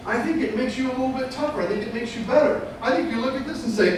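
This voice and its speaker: A man's voice: extremely high pitch, very fast, few pauses. A man giving a playful, jokey motivational talk on stage to a real estate crowd, acting out customers and brokers. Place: large event hall with live audience. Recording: echoey hall recorded from far off, noisy.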